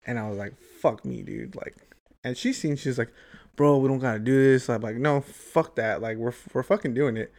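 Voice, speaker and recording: Speaking at a normal speed in a slightly mellow, mid-range voice, a young man tells a long, rambling story to friends. He curses freely and uses "like" and "dude" constantly.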